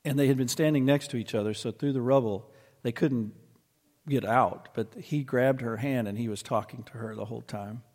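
A man preaching a sermon, telling a story and slowing down to press his points. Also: medium pitch, darkish tone, big-room sound. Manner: storytelling, slows and presses for emphasis. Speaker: pastor.

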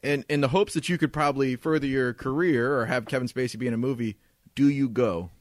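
A man's voice: mid-range voice, a little fast, dry recording, clean studio sound. A man co-hosting a podcast, chatting casually at someone's home, joking and laughing often. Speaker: podcast co-host. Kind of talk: casual chat. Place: indoors, home.

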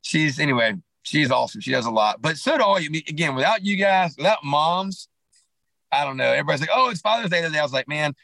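A man being interviewed on a podcast, telling a hunting story in a rambling, animated way with many restarts and asides. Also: on the high side, fast, creaky, no echo, low-quality recording. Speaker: podcast guest, clothing company founder.

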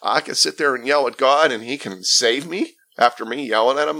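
A man's voice: medium pitch, fairly quick, vocal fry, few pauses, bright, forceful tone. A man earnestly telling his faith testimony in a conversational interview, emphatic and often restarting his phrases. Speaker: guest sharing his testimony.

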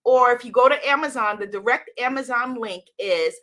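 A high-pitched, bright-voiced woman hosts a live stream, bubbly and enthusiastic. She greets her viewers by name and laughs often as she chats. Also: normal speed, few pauses. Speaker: author and livestream host.

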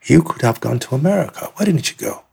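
A man's voice: a little high, lively intonation, fast talker, creaky, warm tone, husky, pitched above the performer's own voice, exaggerated voice. A man voicing an angry, armed German officer who makes blunt accusations, in an audiobook. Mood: accusing.

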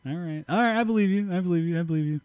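A man's voice: high-pitched, very fast, darkish tone, smooth, dry recording, dull audio. A man hosting a casual podcast, blunt, emphatic and full of swearing. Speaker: podcast host. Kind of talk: casual profane podcast chat.

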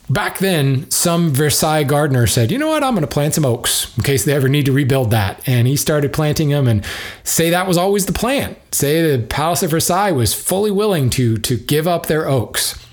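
A man's voice: mid-range voice, a little mellow. A man in the lumber trade giving casual spoken commentary, musing and drifting between side thoughts as he thinks aloud. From United States.

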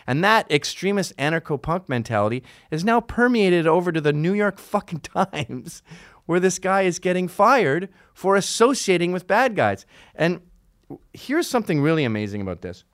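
A man's voice: high-pitched, sing-song, normal speed, fairly bright tone, dry recording, clean studio sound. A middle-aged man hosting a solo podcast, ranting in a profane, sarcastic way. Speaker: podcast host.

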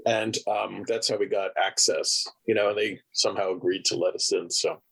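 A man, a filmmaker guest, telling stories in a relaxed way and often searching for words. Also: on the low side, normal speed, vocal fry, husky, low-quality recording. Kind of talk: casual storytelling.

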